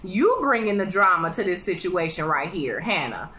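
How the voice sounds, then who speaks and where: A woman's voice: on the low side, big pitch swings, normal speed, bright, forceful tone, slight background noise. A woman giving a casual, chatty recap of a TV drama episode, talking straight to her viewers and acting out the characters' lines. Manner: chatty, conversational, acts out quoted lines. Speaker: TV show reviewer.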